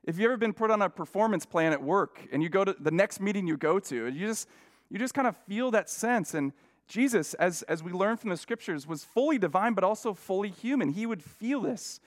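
A man's voice: high-pitched, animated, fairly quick. A male guest preacher giving a conversational sermon, telling stories with frequent restarts and self-deprecating asides.

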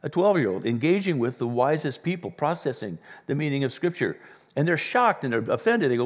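Animated male pastor preaching in a reverberant hall. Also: mid-range voice, a little fast. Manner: animated storytelling with quoted voices. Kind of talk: sermon. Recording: church hall with long reverb.

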